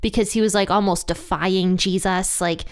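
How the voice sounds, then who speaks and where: Smooth-voiced woman teaching the Bible casually. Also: medium pitch, fairly even intonation, normal speed. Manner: chatty, laughs lightly between points. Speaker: Bible study host.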